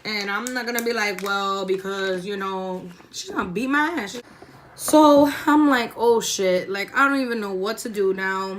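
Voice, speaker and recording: Sitting at home doing her makeup, a young woman vlogger tells an animated, profane storytime and performs the voices of everyone in it. Her voice is mid-range at a normal speed, and there's a little hiss or hum on the recording.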